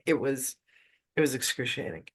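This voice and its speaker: A man's voice: mid-range voice, sing-song, normal speed, fairly bright tone, slightly rough. Chatty man telling a spiritual story. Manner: casual, chatty, many "like" asides. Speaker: spiritual teacher. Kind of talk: personal storytelling in a spiritual talk.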